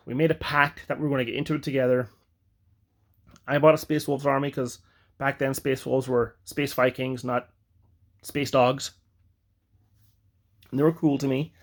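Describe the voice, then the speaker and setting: A man from Ireland telling a personal story in a rambling, reflective way, often breaking off to correct himself. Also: mid-range voice. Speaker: vlogger.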